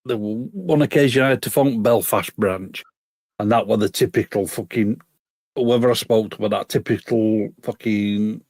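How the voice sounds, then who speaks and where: A middle-aged man talks bluntly and swears freely. His fairly low voice sounds dry and close, with no room echo. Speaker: podcast co-host. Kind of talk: casual chat.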